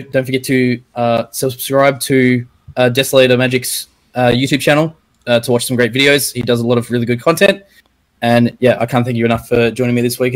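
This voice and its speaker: An Australian man hosting a casual podcast interview, speaking in a hesitant, halting way. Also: medium pitch. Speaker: podcast host.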